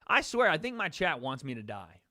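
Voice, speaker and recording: Very animated and fairly quick, a man's voice sits on the high side and sounds pushed and bright, captured with studio quality and no echo. He hosts a laid-back livestream, chatting directly with viewers about a fight, joking around and repeating himself.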